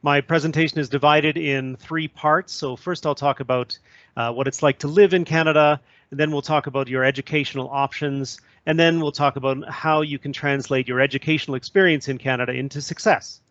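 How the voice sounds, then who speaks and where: A man's voice: a little high, steady tone, brisk, a bit bright, no echo. A male trade commissioner giving a webinar presentation, hesitant with many fillers. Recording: dull lo-fi audio.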